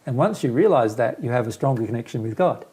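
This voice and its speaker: A man's voice: medium pitch, expressive, quick pace, mellow, slightly rough. A man who is a spiritual teacher, talking earnestly and patiently in a casual conversation and explaining his ideas with simple everyday examples.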